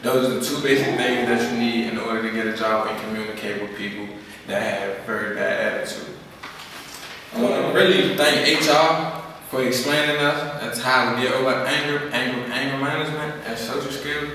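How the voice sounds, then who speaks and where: A man's voice: medium pitch, level tone, moderate pace, sharp tone, slight background noise. Young guy giving a casual talk to a crowd, storytelling, far from the mic in a big echoey hall. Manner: casual, storytelling, acts out quoted voices. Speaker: speaker at a skills program. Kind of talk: informal presentation to an audience.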